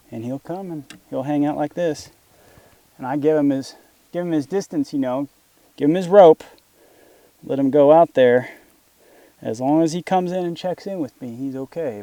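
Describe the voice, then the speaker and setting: A man's voice: a little high, warm tone. A man casually narrating a do-it-yourself job outdoors, thinking aloud as he works and chatting to his dog. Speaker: DIY homesteading vlogger. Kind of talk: casual how-to narration while working. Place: outdoors in an orchard.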